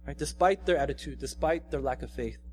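A man's voice: a little high, brisk, darkish tone, slight background noise. A young adult man, a pastor, preaching a casual, conversational sermon, often checking in with his listeners. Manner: casual, conversational, frequent "right?" tags.

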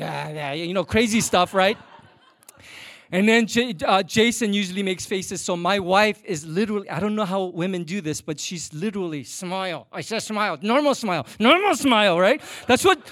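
Man, pastor, sermon, high-pitched, dry close recording, animated storytelling. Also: no room sound. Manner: animated storytelling, swinging loud and soft, passive-aggressive humor.

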